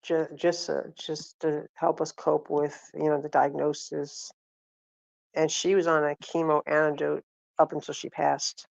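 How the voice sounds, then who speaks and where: A woman's voice: low-pitched, flat delivery, unhurried, creaky, a little mellow, no echo, highs cut off. A middle-aged woman vlogging, telling a rambling story and acting out the quotes, with frequent self-corrections. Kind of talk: casual storytelling.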